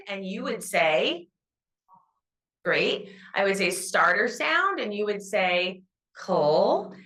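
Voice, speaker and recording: A woman's voice: medium pitch, bright, forceful tone, rough recording. A middle-aged woman, an educator, giving a conference talk and modeling classroom reading cues in a raised, teacherly voice. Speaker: educator presenting at a summit.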